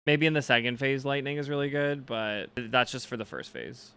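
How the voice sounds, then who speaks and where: A young man streaming a game live, chatting casually with viewers and reacting as he plays, with loud game music behind him. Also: medium pitch, normal speed, creaky, smooth. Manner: casual, chatty, reacting to chat with swings between excitement and frustration. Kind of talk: live gameplay commentary.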